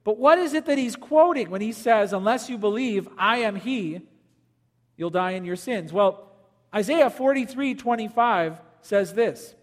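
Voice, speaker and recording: A man preaching a sermon as pastor, swinging between loud emphasis and quiet, low lines. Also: animated, unhurried, in a large hall.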